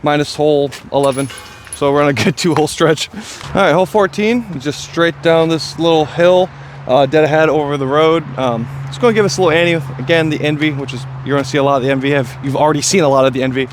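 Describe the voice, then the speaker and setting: Excitable chatty man on a disc golf course. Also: on the high side, fast talker, slight background noise. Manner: chatty, excitable, self-deprecating. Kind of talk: casual play-by-play commentary.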